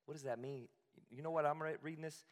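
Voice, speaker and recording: A man's voice: a little high, steady tone, fast, long reverb tail. A male pastor preaching a sermon in a conversational, emphatic way, with asides and repeated phrases.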